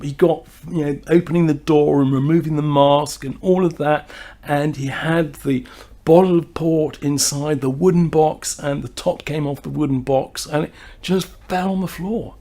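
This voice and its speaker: A man's voice: on the high side, fairly even intonation, moderate pace, mellow. A man hosts a wine tasting, telling a story in a chatty, rambling way full of fillers and restarts. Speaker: wine society host. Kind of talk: casual anecdote and wine tasting talk.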